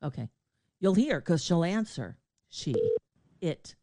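A woman's voice: fairly low pitch, big pitch swings, slow pace, background noise. An older woman hosting a show in casual chat, talkative and laughing often. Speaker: show host.

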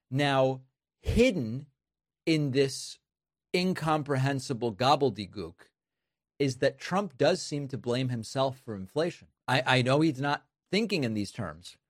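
A man's voice: mid-range voice, no echo, clean studio sound. A man giving sarcastic political commentary on news clips, mocking what he plays.

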